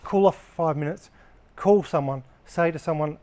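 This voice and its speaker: A workplace trainer gives a casual talk to a live group of workers, blunt and conversational, swearing freely as he explains. His voice is a little high with a dark tone, at a moderate pace.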